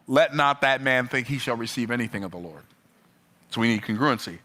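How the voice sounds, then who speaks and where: Man, preacher, bright voice, sermon, swooping emphasis, questions to listeners. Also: animated, brisk. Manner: rhythmic preaching, rising and falling in pitch.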